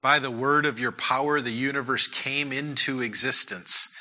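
Male pastor, sermon delivery, earnest, repeats points, very bright tone, mid pitch. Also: fairly even intonation, moderate pace. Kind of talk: sermon and prayer.

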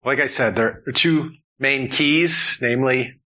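A man's voice: medium pitch, measured pace, sharp tone, muffled recording. A man preaching an earnest, emphatic sermon as pastor, building points through repetition.

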